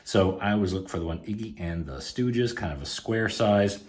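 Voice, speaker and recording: A man's voice: on the low side, animated, normal speed, a little mellow. A man hosting a casual unboxing video, chatting enthusiastically about records with frequent fillers. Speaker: podcast host and record collector. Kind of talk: casual unboxing chat to camera. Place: indoors in Australia.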